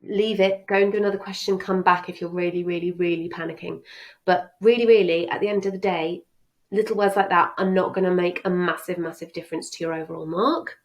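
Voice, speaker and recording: A woman's voice: lowish voice, fairly even intonation, a little fast, poor audio. A woman French teacher giving a chatty, reassuring exam revision lesson.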